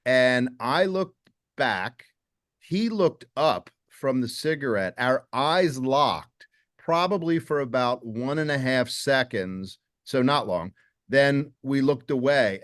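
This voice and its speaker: A man hosting a podcast, telling a story in a measured, hesitant way with many fillers. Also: mid-range voice, lively intonation, fairly bright tone, dry recording, clean studio sound. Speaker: podcast host. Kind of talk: casual conversation.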